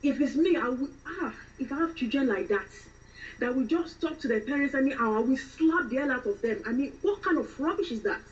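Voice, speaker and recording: A pious, exasperated Nigerian woman in London who rants and calls on God, as a woman puts her on. She talks with a Nigerian accent, a little quieter than usual. The sound is dull and slightly distant. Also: high voice, expressive, fairly quick. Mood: annoyed. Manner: preachy, exasperated ranting.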